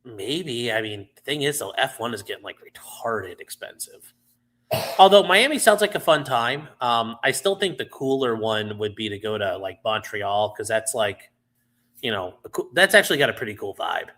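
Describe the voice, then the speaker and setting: Guy rambling on his livestream, bright voice, lots of ums and swearing. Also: medium pitch, very animated, normal speed. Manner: loose and rambling, many fillers, swears casually. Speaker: livestream host. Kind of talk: casual livestream chat answering viewers.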